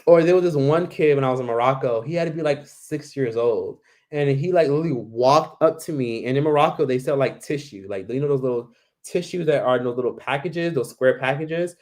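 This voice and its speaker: A man chats loosely through a live Q&A from home, his voice at an ordinary middle pitch. He rambles, packs every sentence with "like" and "literally", and slips into the voices of the people he quotes. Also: brisk, a little mellow. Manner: rambling, fills talk with "like" and "literally". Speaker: YouTuber hosting a live Q&A. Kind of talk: casual livestream chat.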